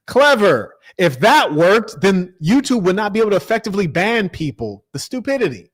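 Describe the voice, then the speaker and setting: This American livestream host rants through a casual tale, animated and mocking as he acts out the dialogue. His high, husky voice keeps a moderate pace with few pauses, and the studio-quality audio has no echo.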